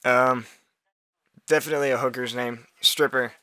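A man's voice: mid-range voice, fairly even intonation, moderate pace, bright, forceful tone, no room sound, clean studio sound. A man casually commentating a multiplayer game, rambling and laughing often. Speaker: gaming video host.

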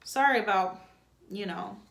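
A woman reading aloud, voicing an excited teenage boy in an echoey room. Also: medium pitch, measured pace, creaky.

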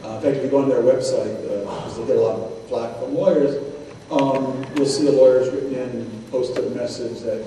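Heard from a distance in a big, echoey synagogue hall, an older man delivers a storytelling lecture as a guest speaker. His medium-pitched voice is warm, fairly quick, and fairly even in intonation, and he shares chatty anecdotes, quoting people in dialogue, over a noisy distant-mic recording.

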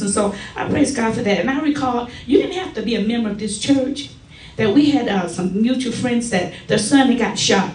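A middle-aged woman giving a personal testimony at a church service, telling stories in a lively way and acting out the quotes. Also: fairly high pitch. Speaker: church member giving a tribute. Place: church sanctuary. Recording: echoey church from far off.

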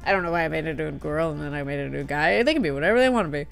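A woman's voice: low voice, rapid-fire, gravelly, soft background music. A young woman playing through a story game, chatting casually with giggly asides and voicing the characters herself. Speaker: game streamer. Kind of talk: casual let's play commentary and voicing characters.

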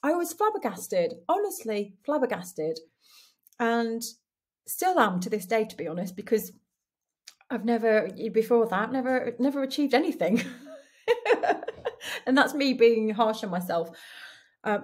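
A woman hosts her own podcast from her dining room, speaking candidly in a reflective solo monologue. Her mid-range voice has a breathy edge, and she often restarts sentences and laughs at herself.

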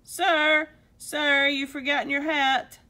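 A woman voicing a humble, grateful old gentleman in a storybook read-aloud. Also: medium pitch, sing-song, a little slow, exaggerated voice. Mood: polite.

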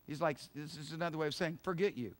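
A middle-aged male pastor giving a sermon in an emphatic, conversational way, with laughs and quick asides. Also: a little high, level tone.

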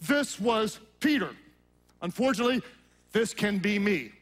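A male pastor preaching a sermon, acting out Bible scenes in voices and dropping to a low hush at solemn moments. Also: expressive, a little slow.

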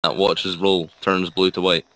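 A man's voice: low voice, little pitch movement, a little slow, fairly bright tone. A Scottish man chatting casually with friends while gaming, blunt and swearing freely. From Scotland. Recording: noisy background.

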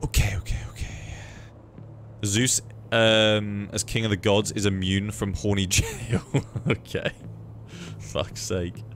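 Laid-back streamer, lowish voice. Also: male voice, slight background noise. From United Kingdom. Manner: relaxed, swears freely, reads chat aloud. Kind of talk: casual live gameplay commentary.

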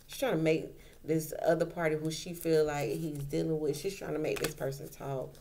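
A woman's voice: low voice, fairly even intonation, moderate pace, warm tone, a little hiss or hum. A woman doing a casual tarot reading, talking in a colloquial way and repeating her points for emphasis. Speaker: tarot reader.

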